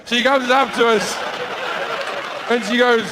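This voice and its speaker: A man's voice: very high-pitched, steady tone, takes it slowly, crowd noise, background noise. A man with an Australian accent doing stand-up, brash and profane, acting out all the characters in his story. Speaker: stand-up comedian.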